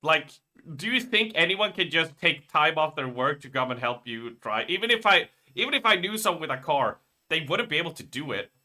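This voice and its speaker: A man's voice: a little high, big pitch swings, a little fast, bright, forceful tone. A man streaming live, telling a rambling story in casual chat and swearing freely.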